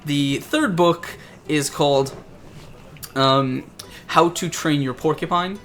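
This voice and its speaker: A man's voice: fairly high pitch, slow pace, a bit bright, faint music behind. A man narrating as game master for a tabletop game, rambling and searching for words as he describes scenes.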